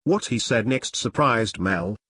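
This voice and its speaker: Man reading a story with lively pitch. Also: unhurried, husky, no echo, clean studio sound. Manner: plain storytelling read, few voice changes for characters. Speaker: audiobook narrator. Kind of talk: scripted narration.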